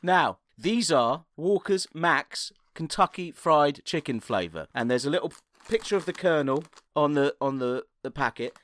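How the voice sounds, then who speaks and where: A man co-hosting a casual comedy podcast, giggly and quick to put on silly voices and sound effects. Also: on the high side, expressive, a bit bright, no echo. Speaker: podcast co-host.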